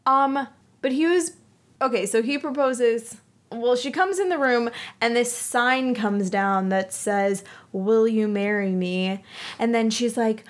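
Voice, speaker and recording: A woman with a fairly high voice talks slowly through a casual movie podcast. She is animated, acting out characters' lines and swearing freely. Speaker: podcast co-host.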